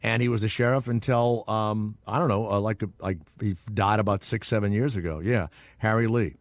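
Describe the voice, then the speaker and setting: A man's voice: on the low side, steady tone, normal speed, no room sound. A man from Louisiana hosting a call-in radio show, ranting in a rambling, profane, opinionated way. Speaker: radio talk show host.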